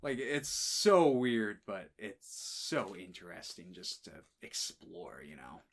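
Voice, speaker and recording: Man, podcast co-host, lively pitch, loose swearing film chat, acts out scenes. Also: slow. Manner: animated, swearing, retells scenes in quoted voices. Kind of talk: casual film discussion.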